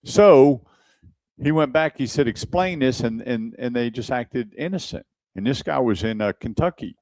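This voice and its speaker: A man's voice: medium pitch, expressive, moderate pace, a little mellow, dry recording, poor audio. Man telling car-deal stories on the radio. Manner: tells customer stories and acts out both sides. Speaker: radio show host and car advisor. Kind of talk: casual radio talk. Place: radio studio.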